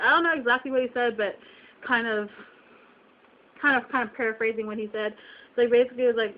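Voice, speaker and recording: A young woman with a slightly high voice vents to her webcam, upset and close to tears. She repeats herself and throws out rhetorical questions. The audio is dull and lo-fi. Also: brisk. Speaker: vlogger. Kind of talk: emotional venting to camera.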